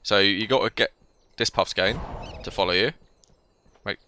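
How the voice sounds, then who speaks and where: Coughing and a bit under the weather with a cold, a young gaming channel host gives casual let's-play commentary, rambling and addressing the game as he plays. He speaks at a normal speed in a lowish, bright, forceful voice over slight background noise.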